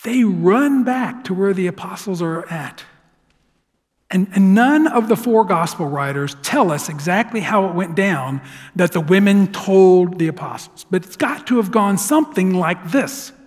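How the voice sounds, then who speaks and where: A man preaching a sermon in a church sanctuary, telling the story with lively, dramatic flair. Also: high voice, measured pace. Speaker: pastor. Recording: long church hall reverb.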